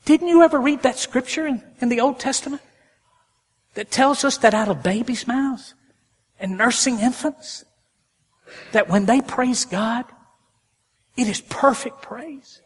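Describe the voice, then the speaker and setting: A man delivers a folksy sermon in a fairly high voice. He builds to loud, ringing peaks and then drops to near-whispers. The sound carries a long reverb, as from a church sanctuary. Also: lively intonation, measured pace, pauses often, slightly rough. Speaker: pastor.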